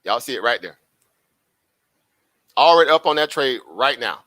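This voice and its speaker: A man's voice: mid-range voice, animated, normal speed, bright, forceful tone, no echo. A man hosting a live trading stream, chatty and repetitive, asking rhetorical questions and laughing often. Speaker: live-stream stock trader. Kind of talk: casual live-stream commentary.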